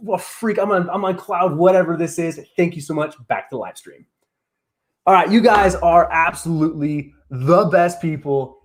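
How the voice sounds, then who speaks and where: A man hosting a casual live stream, talking in an excitable, rambling way full of "like". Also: sits high. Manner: excitable, rambling, heavy use of "like". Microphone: streaming setup on camera.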